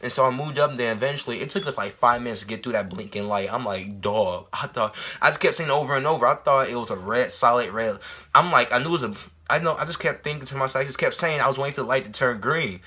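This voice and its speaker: Young man, storytime vlog, bright forceful voice, rambling slang, loud high bursts when acting out scenes. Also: quick pace. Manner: rambling, repeats himself, slangy. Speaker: vlogger. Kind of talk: casual storytime.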